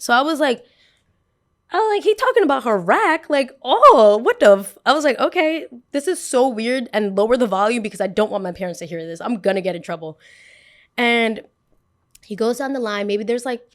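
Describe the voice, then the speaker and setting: Woman in her twenties, podcast host, animated storyteller who acts out quotes, mid-pitched. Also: fairly quick. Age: 20s.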